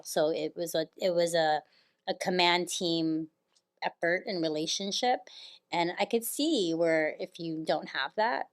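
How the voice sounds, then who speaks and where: Woman, senior enlisted co-host, lower voice, casual and hesitant, quick to laugh. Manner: hesitant, many ums, laughs easily. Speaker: command chief, co-host. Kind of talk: casual podcast chat.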